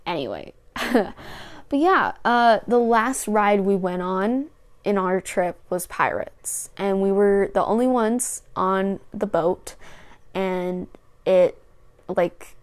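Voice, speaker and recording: A young woman hosting her own podcast, telling a rambling personal story in a casual, chatty way with lots of restarts. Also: mid-range voice. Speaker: podcast host.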